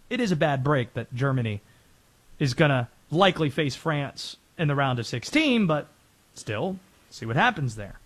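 A man hosting a sports show, giving rapid-fire, opinionated commentary on football and soccer. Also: high-pitched, a bit bright.

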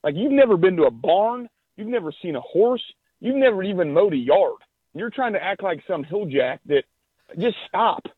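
A man's voice: sits high, expressive, normal speed, slightly rough, no echo. Guy on a tinny phone line, blunt and fed up, dry sound. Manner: blunt, exasperated ranting. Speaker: regular guest commentator. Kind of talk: political talk radio chat.

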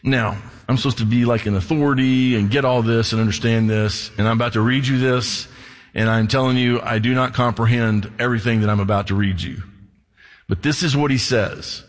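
A man's voice: medium pitch, long reverb tail. A man preaching a sermon in a conversational way, reading scripture aloud and repeating key words for emphasis. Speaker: pastor.

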